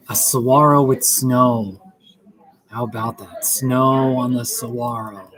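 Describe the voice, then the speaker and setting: A man's voice: medium pitch, fairly even intonation, takes it slowly, a bit bright, low-quality recording. A man hosting a casual stream, reading aloud from a book and breaking off to comment on the pictures and laugh. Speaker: host. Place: coffee shop. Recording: busy café with crowd chatter. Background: crowd chatter.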